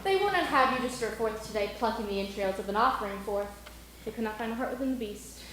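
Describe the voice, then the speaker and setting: A woman playing a hurried Roman servant. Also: fairly high pitch, lively intonation, close to an everyday voice. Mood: urgent. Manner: rushed report. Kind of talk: amateur stage Shakespeare. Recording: noisy echoey room.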